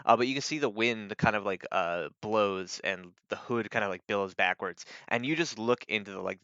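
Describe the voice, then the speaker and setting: A lower-voiced man narrates a live-streamed tabletop game as game master, halting over fillers as he describes the scene. His voice is bright and smooth, but the mic sounds dull and lo-fi. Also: no echo. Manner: halting, full of "like" and "um".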